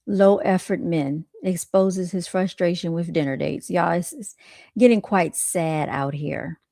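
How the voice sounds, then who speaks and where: A woman's voice: on the low side, a little slow, creaky, warm tone, no echo, studio quality. A woman streaming a reaction to clips, chatting casually with her viewers and laughing often.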